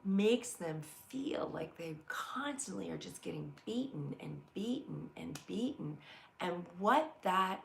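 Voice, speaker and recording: Middle-aged woman, live inspirational host, low and gravelly, earnest storyteller. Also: lively intonation, slow pace, slight background noise. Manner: earnest, storytelling, reads viewer comments aloud. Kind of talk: heartfelt live motivational talk.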